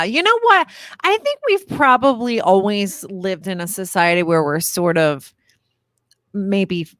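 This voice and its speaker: Lively, playful woman podcast co-host. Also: mid-range voice, dry recording, studio quality. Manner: upbeat and playful. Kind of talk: casual chat.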